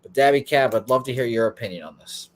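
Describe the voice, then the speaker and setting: A man's voice: mid-range voice, quick pace. A man hosting a sports betting show in casual chat, rambling and swearing freely.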